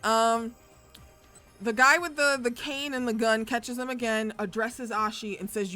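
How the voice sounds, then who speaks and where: A woman's voice: a little high, steady tone, measured pace, bright, forceful tone, faint music behind. Chatty woman streamer recapping a story. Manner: profane, chatty, rambling with fillers.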